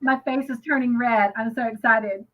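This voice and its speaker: A woman co-hosting a crochet livestream, gushing excitedly and reading viewer comments aloud. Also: fairly high pitch, moderate pace, narrow, tinny audio, background noise. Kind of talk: casual live chat, reading comments.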